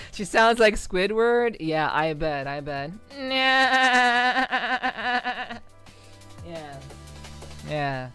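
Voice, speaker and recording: A woman from the New York City area talks loosely to her livestream chat, wandering from thought to thought and swearing freely. Her voice is smooth and clear, broken up by frequent ums and quick laughs. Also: fairly low pitch. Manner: rambling, profane, full of ums and laughs. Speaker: streamer. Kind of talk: casual livestream chat with viewers.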